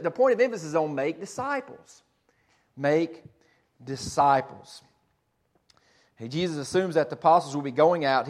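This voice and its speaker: A man preaching a sermon as pastor, earnest and repetitive, restarting phrases as he teaches. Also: a little high.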